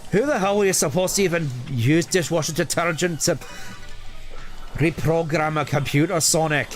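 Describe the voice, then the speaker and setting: A man puts on Tails as a cocky young fox with a Scottish accent, lecturing and bickering in a somewhat high voice. Faint video game music plays underneath. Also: moderate pace, close to an everyday voice. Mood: smug. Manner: bickering, know-it-all. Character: clever young male fox sidekick.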